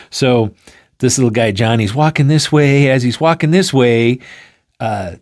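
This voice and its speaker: A man teaching through an explanatory story, acting out each scene with animated energy. His voice is pitched in a middle range, and its melody rises and falls in a lively way. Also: measured pace.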